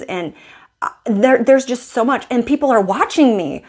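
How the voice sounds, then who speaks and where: Woman, style coach, personal storytelling vlog, expressive, acts out inner thoughts, fairly high pitch. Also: moderate pace.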